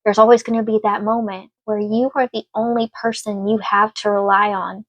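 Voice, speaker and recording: A woman's voice: mid-range voice, flat delivery, normal speed, dry recording, muffled recording. Earnest woman giving a tarot reading. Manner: earnest, emotional and reassuring. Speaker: tarot reader. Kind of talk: casual spoken tarot reading.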